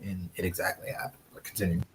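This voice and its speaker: Deep, fast-talking podcast co-host. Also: male voice, little pitch movement, poor audio. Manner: quick, agreeing interjections. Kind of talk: casual political chat. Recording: crowd noise clearly behind.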